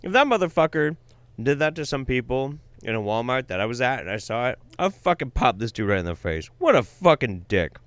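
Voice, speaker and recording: A man reacting to a clip with plenty of swearing and exasperation. His pitch swings widely and his tone is bright and forward. The recording is dry and close. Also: big pitch swings, fairly quick, dry recording. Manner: profane, exasperated. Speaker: commentary host. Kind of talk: reaction commentary on a video.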